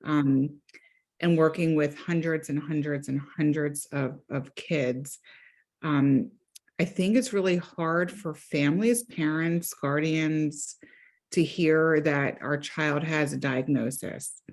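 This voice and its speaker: A woman's voice: low-pitched, fairly even intonation, slow, a little mellow. A woman counselor talking on a group video call, earnest and emphatic, often repeating phrases for stress. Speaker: counselor and therapist.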